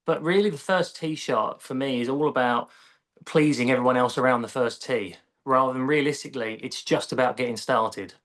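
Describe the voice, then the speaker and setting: A man's voice: mid-range voice, a little fast. A man with an English accent, a golf coach explaining his approach in a casual interview. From England. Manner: relaxed, explanatory, conversational.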